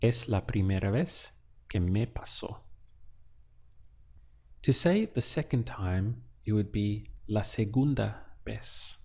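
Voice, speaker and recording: A man teaching a language lesson, slow and patient, quizzing the listener with prompts. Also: lowish voice, expressive, darkish tone. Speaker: Spanish teacher.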